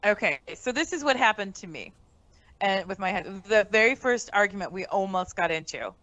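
A woman comedian telling a story on a casual podcast. She is animated and profane, and she acts out the quotes in her story. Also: mid-range voice, moderate pace, rough recording. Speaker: comedian guest.

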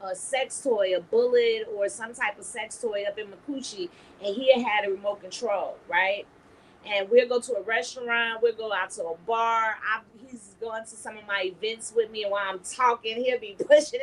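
A woman's voice: a little high, a bit bright, a little hiss or hum, rough recording. A woman hosting a podcast, talking frankly and bawdily in casual chat, telling stories with laughter. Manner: frank, bawdy, laughing storyteller. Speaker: podcast host.

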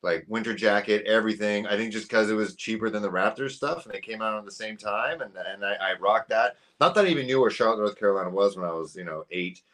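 A man from Canada in his thirties, a guest on a podcast, telling stories in a lively, animated way and acting out the people he quotes. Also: on the low side, fast talker, few pauses. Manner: animated storyteller, acts out quoted voices. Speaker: podcast guest, sports YouTuber. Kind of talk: casual chat.

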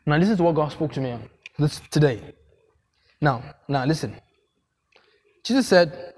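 Man, pastor, sermon, emphatic, repetitive, somewhat high voice. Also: expressive, moderate pace, pauses often, a little mellow, breathy edge. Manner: emphatic, repeats phrases, asks the congregation questions.

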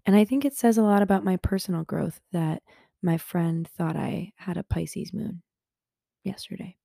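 Young woman, solo podcast host at home in bed; low, mellow, unhurried, rambling and self-mocking, often half-whispered. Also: creaky, no room sound, clean studio sound. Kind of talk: casual solo podcast chat. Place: bedroom at home.

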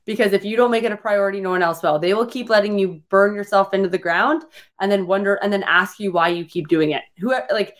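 A young woman coaching her listeners in a casual, live-streamed motivational podcast. She is blunt and energetic, swears freely, and keeps filling her talk with filler words. Her voice sits at an ordinary middle pitch. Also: quick pace. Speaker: fitness coach and podcast host.

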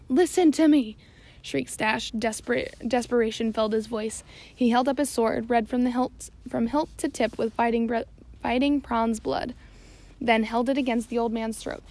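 Woman with a gravelly voice reading aloud. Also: fairly high pitch, moderate pace. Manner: steady reading with occasional slips and self-corrections. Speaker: audiobook narrator. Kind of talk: scripted narration.

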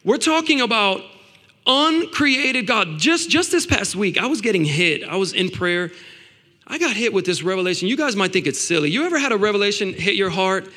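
A high, bright-voiced man preaching a sermon with excitable energy. He trips over and repeats words and swings between loud bursts and hushed asides. His voice carries a long hall reverb. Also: moderate pace.

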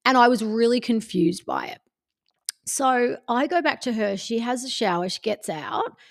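A woman's voice: on the high side, lively intonation, moderate pace, gravelly. A woman, hosting a podcast and candidly telling a personal story in casual chat, swearing freely. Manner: candid and sweary, acts out friends' lines. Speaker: podcast host.

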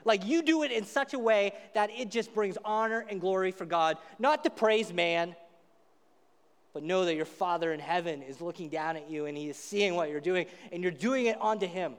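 A man pastor preaching a sermon, casual and animated as he retells a story. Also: high voice, normal speed, clear, resonant tone. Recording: echoey hall reverb.

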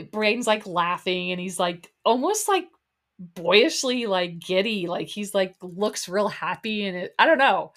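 A woman's voice: lowish voice, fairly bright tone. A woman hosting a casual solo recap podcast, chatting in a rambling way with lots of fillers. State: a little out of breath. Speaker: podcast host.

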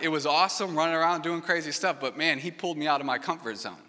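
A man's voice: a little high, fast talker, hardly any pauses, bright, forceful tone, in a large hall. A young adult man preaching a sermon as pastor, in a personal, conversational way with heartfelt asides, from a church stage.

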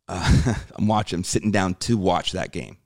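A man's voice: sits low, normal speed, gravelly, no room sound, clean studio sound. A male comedian telling a story on a casual podcast. He swears freely and acts out other people's lines as he goes. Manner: animated, swears freely, acts out quoted dialogue. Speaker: guest comedian.

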